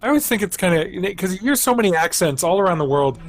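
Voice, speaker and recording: A man's voice: high-pitched, expressive, racing. A man co-hosting a stream who chats playfully and poses silly hypothetical questions. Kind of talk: casual banter.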